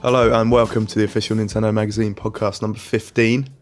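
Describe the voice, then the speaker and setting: Lowish english guy hosting a chatty podcast, dry jokey delivery. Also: little pitch movement, quick pace, over music. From England. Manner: dry, self-mocking joking. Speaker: podcast host, magazine editor in chief. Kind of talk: casual podcast banter.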